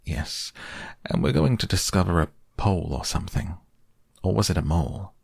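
A man voicing a soft-spoken, simple bear. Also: sits low, big pitch swings, normal speed, gravelly, no echo, clean studio sound, exaggerated voice. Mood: muddled. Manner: soft and hushed, often half-whispered. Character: simple, cheerful male bear. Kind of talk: soft bedtime storybook reading.

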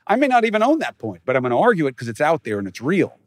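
A man's voice: a little high, wildly swooping pitch, very fast, no room sound, clean studio sound. A man hosting a podcast, talking straight to his listeners in short, emphatic bursts and firing rhetorical questions at them. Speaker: podcast host. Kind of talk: direct-to-listener podcast monologue.

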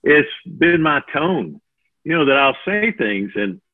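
A man's voice: a little high, slow. Older man on a tinny line. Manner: animated, acts out quoted voices. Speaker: preaching mentor. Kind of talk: interview answers. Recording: phone-like narrow audio.

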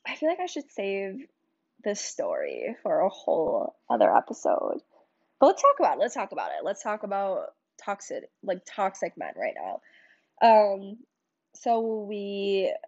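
A woman's voice: medium pitch, dark tone. Young woman venting on a lo-fi podcast. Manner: emotional, confiding, swears, lots of "like" and "um". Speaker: podcast host. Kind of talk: candid personal storytelling.

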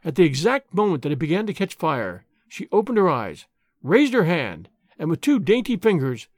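A man narrating a classic novel in an expressive, dramatic reading. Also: fairly high pitch, normal speed, dry recording, clean studio sound. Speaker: audiobook narrator.

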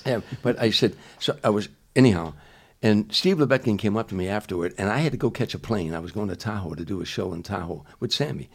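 An older man from Chicago, guest on a comedy chat show, telling a long tale. His voice sits low and carries a gravelly fry. He rambles and restarts his sentences, peppering them with "you know". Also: fast talker, few pauses. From Chicago, USA. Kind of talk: casual storytelling.

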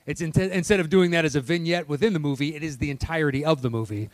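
A young man co-hosting a casual podcast, chatty and quick to laugh as he ranks movies. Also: fairly high pitch, no room sound. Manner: chatty, laughs easily, jokey asides. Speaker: podcast co-host. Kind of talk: casual movie-ranking chat.

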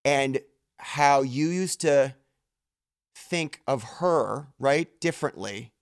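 Enthusiastic interviewer, lively pitch, dry close mic. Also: takes it slowly, dry recording. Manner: enthusiastic, frequent affirming interjections. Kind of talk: conversational interview.

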